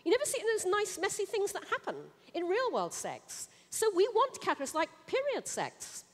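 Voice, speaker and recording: A woman's voice: extremely high pitch, huge pitch swings, normal speed. A woman giving a conference keynote talk on stage, speaking in an emphatic, punchy and blunt way. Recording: reverberant hall.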